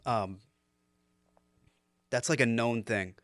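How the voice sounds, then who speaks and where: A man's voice: mid-range voice, takes it slowly, fairly bright tone, no echo, studio quality. A young man co-hosting a podcast in casual chat, laid-back and offering friendly advice. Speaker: podcast co-host.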